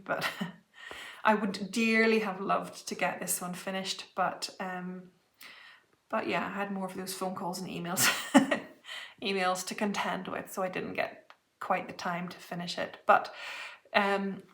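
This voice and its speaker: A woman's voice: medium pitch, fairly even intonation, unhurried, creaky, fairly bright tone. Chatty woman in a roomy room. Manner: chatty, laughs often, apologetic asides. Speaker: flosstube host. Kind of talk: casual show-and-tell chat.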